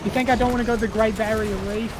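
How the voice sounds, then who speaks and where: A man's voice: high voice, flat delivery, very fast. Tired, joking male streamer. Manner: joking, scattered, laughs often. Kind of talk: casual gaming chat. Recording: loud noise over voice.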